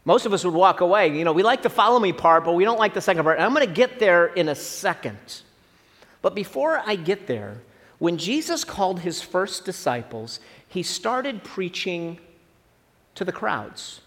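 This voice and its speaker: A middle-aged male pastor preaches in a high, lively voice that rises and falls a lot. He talks to his congregation in a casual, conversational way with asides. The recording carries a long hall reverb. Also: moderate pace. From Southern Illinois. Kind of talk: sermon.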